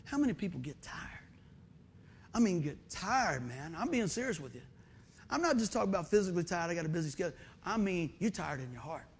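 A middle-aged male pastor, preaching a folksy, animated sermon full of stories and calls for amen. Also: high-pitched, fairly quick, a little hiss or hum. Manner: folksy, animated, storytelling with asides and call-and-response.

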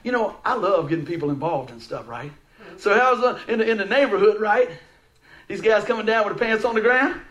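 A man preaching a sermon, telling a story in a folksy, animated way with frequent asides to his listeners. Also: high voice, fairly quick, dull audio.

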